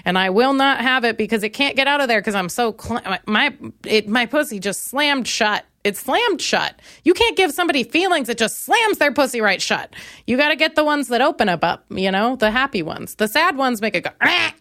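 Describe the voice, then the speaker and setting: Young woman, podcast host, comic storytelling, animated, dry recording. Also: fairly high pitch, brisk, dry recording. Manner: animated, acts out voices in quotes, laughs often. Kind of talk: comedic storytelling monologue.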